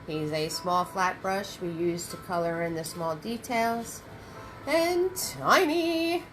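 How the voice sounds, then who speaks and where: A woman's voice: fairly low pitch, a little slow, music in the background, rough recording. A woman hosting a livestream painting class, chatting with viewers and greeting them by name. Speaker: paint party instructor.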